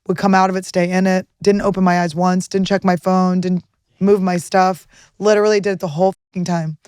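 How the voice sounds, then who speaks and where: A woman hosting a podcast, telling stories in crude, excitable casual chat on a close studio mic. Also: medium pitch, dry recording. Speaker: podcast host.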